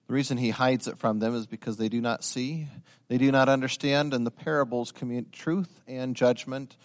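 A man preaching a sermon, swinging from quiet explanation to loud, rising dramatic passages and talking to his listeners directly. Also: medium pitch, steady tone, brisk. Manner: addresses listeners as guys.

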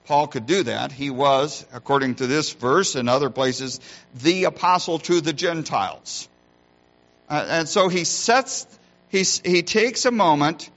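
A pastor delivers a sermon earnestly, his fairly high voice lively in intonation, slightly bright, and a little slow. He varies his emphasis, weights each point, and poses rhetorical questions to his listeners. The recording has its high frequencies cut off.

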